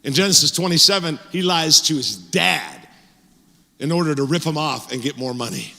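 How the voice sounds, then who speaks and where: Middle-aged male pastor, lively conversational sermon, slightly high, ringing church hall. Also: normal speed, gravelly. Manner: animated, conversational, frequent fillers and restarts. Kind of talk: sermon with personal storytelling. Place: church sanctuary.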